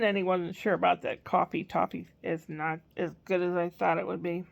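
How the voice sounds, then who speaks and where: Chatty older woman with a gravelly voice. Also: medium pitch, fairly even intonation, normal speed. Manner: chatty, rambling, quotes a small child in a raised voice. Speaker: grandmother vlogger. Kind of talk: casual storytelling.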